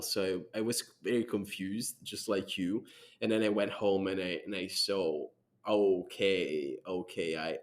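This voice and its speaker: A man hosting a casual podcast chat, talking with frequent pauses and filler words. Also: lowish voice. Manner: hesitant, many "um"s and restarts. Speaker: podcast host.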